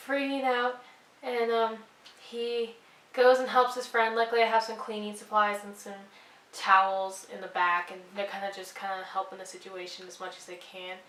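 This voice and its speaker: A woman's voice: mid-range voice, little pitch movement, normal speed, fairly bright tone. Young woman telling a story, roomy and distant. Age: young adult. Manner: earnest, apologetic, rambling with many fillers. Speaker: vlogger. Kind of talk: personal storytelling.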